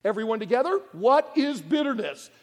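A man preaching a sermon in a church auditorium, folksy and animated, pulling the congregation into call-and-response. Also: extremely high pitch, normal speed, in a large hall.

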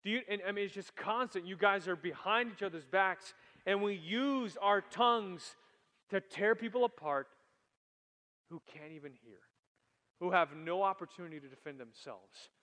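A man preaching a sermon to young people, animated, swinging from loud emphasis to quiet asides. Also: high-pitched, normal speed. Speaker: youth pastor. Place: church hall. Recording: long hall reverb.

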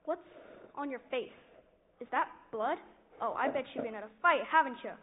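Woman acting as a clumsy excitable young boy, high voice, church stage drama, thin lo-fi sound. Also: noisy background, natural voice. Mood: excited. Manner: excitable, fast-blurting kid voice. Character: twelve-year-old boy, eager and clumsy. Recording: tinny lo-fi recording.

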